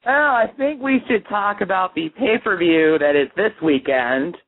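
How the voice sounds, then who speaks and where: A man's voice: high voice, expressive, moderate pace. A man co-hosting a wrestling talk show, telling stories casually with lots of "like" and "um". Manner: storytelling, full of "like" and "um". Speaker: radio show co-host. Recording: tinny phone-line sound.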